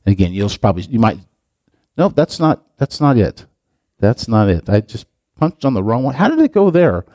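A man's voice: mid-range voice, very animated, normal speed, darkish tone, no room sound. A middle-aged man, a pastor, giving a playful, chatty sermon and talking directly to his listeners. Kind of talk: casual sermon.

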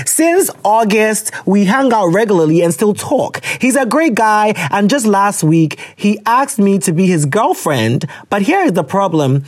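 A man's voice: high-pitched, very animated, unhurried, dry recording, clean studio sound. A man hosting a podcast, chatting casually and reading listener letters aloud, laughing often and slipping into slang. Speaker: podcast host.

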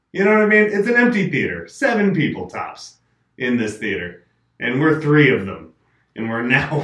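A man hosting a casual chat and telling an animated anecdote. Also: medium pitch, a little hiss or hum. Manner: animated storyteller, acts out quotes. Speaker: podcast host telling a story. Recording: roomy, mic at a distance.

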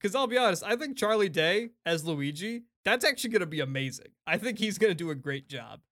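A man co-hosting a casual chat, animated and opinionated, laughing often and swearing freely. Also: high-pitched, fairly quick. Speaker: podcast co-host.

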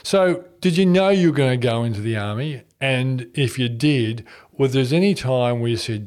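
A man's voice: medium pitch, moderate pace, few pauses, a little mellow. An Australian man hosting a radio interview, chatty and jovial, laughing often as he tells stories. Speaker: radio show host. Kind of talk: casual interview chat.

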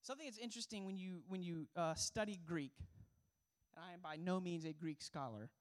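A man's voice: high voice, a little fast. A young man preaching as a pastor, earnest and emphatic, asking the congregation rhetorical questions. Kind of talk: sermon.

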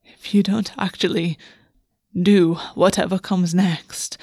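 A woman voicing a formal, proud male fae king who speaks slowly in a breathy hush. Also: on the low side, little pitch movement, no echo, studio quality. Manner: formal, slow, breathy and hushed.

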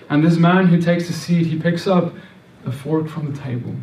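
A man delivers a sermon in an earnest, repeating manner, often stumbling and restarting. His voice is mellow and sits a little high. He sounds set back from the microphone in an echoey room. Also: brisk, few pauses, far from the mic. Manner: earnest, repetitive, with many restarts and stammered words. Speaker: preacher.

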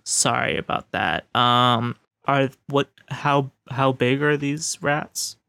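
A man with a gravelly, bright edge to his voice, recorded dry and close. He talks politely and haltingly, filling gaps with ums and rephrasing himself. It's an improvised comedy scene. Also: medium pitch, steady tone, no room sound. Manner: polite and hesitant, full of ums and restatements. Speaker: improv scene partner playing an Earth negotiator.

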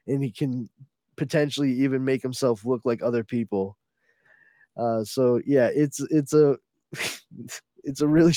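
A man's voice: medium pitch, no room sound, clean studio sound. A man casually recapping a comic book with a co-host, laughing often and acting out the characters' lines. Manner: laughing, animated retelling with acted-out quotes.

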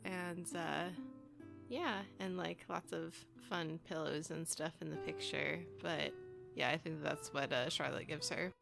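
A woman playing a tabletop role-playing game, talking slowly and hesitantly with many fillers. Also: deep voice, steady tone, gravelly, over music. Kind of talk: casual tabletop role-play.

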